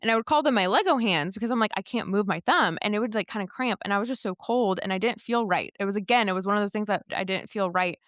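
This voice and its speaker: A woman's voice: mid-range voice, fast talker, hardly any pauses, dry recording, clean studio sound. Candid young woman telling her story. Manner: candid, animated retelling with quoted dialogue. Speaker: podcast guest. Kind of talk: casual storytelling conversation.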